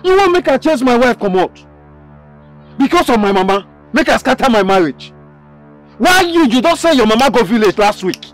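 A man plays an anxious young Nigerian husband who pleads with his friends. His high voice swings very widely. Faint music sits underneath. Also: very animated, normal speed. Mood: hurt, pleading. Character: anxious young married man torn between mother and wife.

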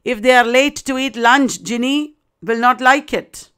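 A woman lecturer talks through a play in a steady, explanatory way, checking in with her listeners. Her voice is high and smooth, with a clear, resonant tone. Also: a little slow. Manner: explanatory, addressing students with rhetorical checks. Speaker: literature lecturer. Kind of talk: recorded literature lecture.

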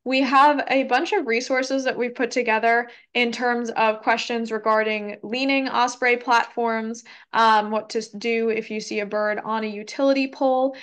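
Higher-pitched woman giving a casual talk. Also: steady tone, normal speed, few pauses, fairly bright tone. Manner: frequent ums, hedging, conversational. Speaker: environmental educator giving a talk. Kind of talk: casual presentation with Q&A.

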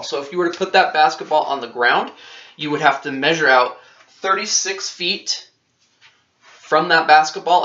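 A male teacher explains things casually in a classroom, pausing to check in with his students and fix his own slips. His voice is bright and forward, but the recording is roomy and set back from the mic, with a dull, muffled top end. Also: a little high. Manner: conversational, checks in with "okay?", self-correcting. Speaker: science teacher. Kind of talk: classroom lecture. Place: classroom with whiteboard. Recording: roomy, distant and dull-sounding.

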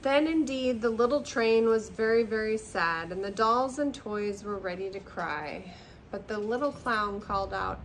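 Older woman, storyteller, expressive read-aloud, gravelly, noisy home recording. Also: mid-range voice, a little slow. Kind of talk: reading a picture book aloud. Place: seated in a chair at home.

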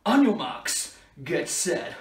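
A man's voice: on the high side, big pitch swings, slow, pitched below the performer's own voice. Man playing bouncy Spider-Man for kids. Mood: excited. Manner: bouncy, shouty, cheering kids on. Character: upbeat young male superhero Spider-Man. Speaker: children's party entertainer. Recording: roomy, from a distance.

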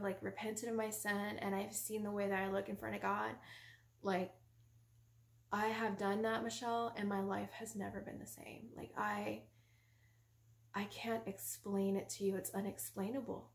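A woman voicing her calm, earnest husband in a soft, patient voice. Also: mid-range voice, normal speed, creaky, close to an everyday voice. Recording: roomy echo.

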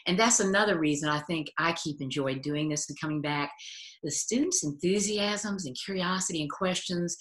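Older lady biologist chatting, low bright voice, laughs a lot, echoey room. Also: moderate pace. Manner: animated storyteller, laughs often. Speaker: retired aquatic biologist and educator. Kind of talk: casual interview chat.

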